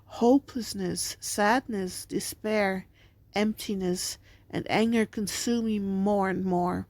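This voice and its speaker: A woman hosting a channel, narrating a scripted scary story in a slow, deliberate reading voice. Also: medium pitch, steady tone, a little mellow, no echo. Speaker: channel host and story reader.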